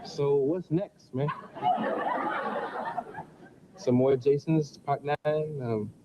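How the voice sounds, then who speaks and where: A man's voice: a little high, takes it slowly, lo-fi sound, a loud crowd, very noisy. A man hosting a comic mock interview on a talk show, teasing his guest and often breaking into giggles.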